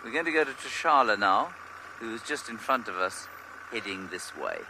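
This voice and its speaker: A man's voice: fairly low pitch, expressive, moderate pace, noisy background. A man guiding a live game drive from a vehicle in the bush, explaining wildlife with dry humor. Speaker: safari guide. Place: open vehicle outdoors in the bush.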